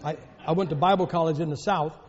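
A man's voice: fairly high pitch, steady tone, fast talker. A man from the northern United States preaching a sermon, telling jokes and stories with emphatic delivery. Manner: joking, storytelling, emphatic. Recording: echoey hall, dull lo-fi.

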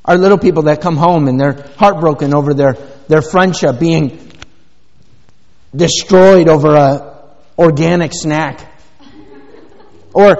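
A man's voice: on the high side, measured pace, pauses often, a little mellow. Middle-aged male pastor, rambling folksy sermon delivery, dull sound with long church reverb. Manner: rambling, folksy, many fillers. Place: church sanctuary.

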